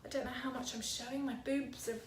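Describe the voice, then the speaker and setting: A woman's voice: high-pitched, steady tone, a little fast, a little hiss or hum. A young British woman vlogging in casual chat at home, rambling and hesitant, with many ums. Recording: echoey room.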